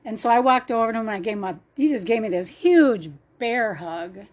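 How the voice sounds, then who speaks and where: A woman's voice: on the high side, animated, fairly quick, a little mellow. A woman telling a personal faith story in an earnest, emotional way. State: choked up at times.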